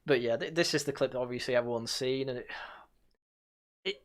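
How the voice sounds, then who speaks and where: Speaking a little fast at medium pitch, a man hosts a laid-back review stream in a sarcastic tone. He mocks by quoting and peppers his talk with fillers and sighs.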